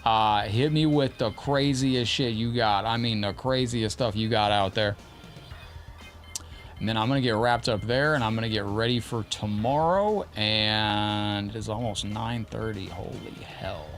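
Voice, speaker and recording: A man hosting a live gaming stream, chatting casually and excitably, praising his opponent and thanking viewers. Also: fairly low pitch, measured pace, soft background music. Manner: chatty and informal, often profane.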